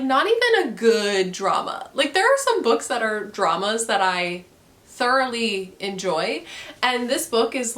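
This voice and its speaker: A woman's voice: fairly high pitch, fairly bright tone. A young woman in a casual book review chat, ranting with frequent swearing and laughter. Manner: profane, ranting, laughs often.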